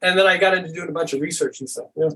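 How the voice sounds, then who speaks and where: A man with a notably high speaking voice talks as a podcast guest. He rambles in a relaxed, easygoing way and keeps padding his sentences with "and stuff." He sounds middle-aged and unhurried. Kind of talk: casual conversation.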